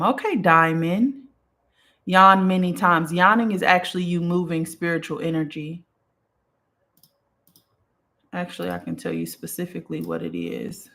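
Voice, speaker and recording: Brief: relaxed woman live-stream host, low-pitched, affirming and chatty, reads comments aloud. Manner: affirming, repeats "okay" and "period", relaxed and chatty; yawns and sighs now and then. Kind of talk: casual live-stream chat reading viewer comments.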